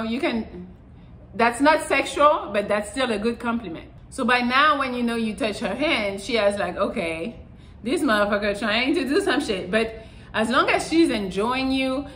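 A woman's voice: fairly high pitch, fairly bright tone, echoey room, slight background noise, low-quality recording. A woman giving casual, frank dating advice, swearing freely as she talks. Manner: frank and profane, acts out little quotes. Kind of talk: casual advice talk to camera.

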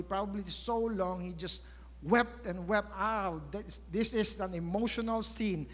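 A high-pitched Filipino man delivers a sermon in a big church hall, and long reverb trails each phrase. He tells the story emphatically, stopping to put rhetorical questions to his listeners. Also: unhurried, a bit bright. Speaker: preacher.

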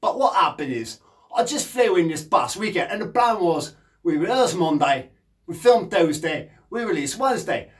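In a comic monologue, a man plays a brash, boozy, scatterbrained punk singer and guitarist who rambles cheekily. His voice is high, with big swings in pitch, and he talks at a normal speed.

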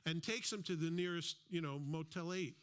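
A man's voice: on the high side, normal speed, fairly bright tone, clear, resonant tone. A man preaching a sermon as a pastor, in a conversational style with asides and acted-out quotes. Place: church.

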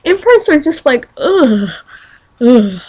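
Excitable teen girl with a slight lisp. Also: high voice, slow pace, husky. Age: teens. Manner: excitable and dramatic, breaks into squealing panicked quotes. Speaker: vlogger. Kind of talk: casual vlog monologue.

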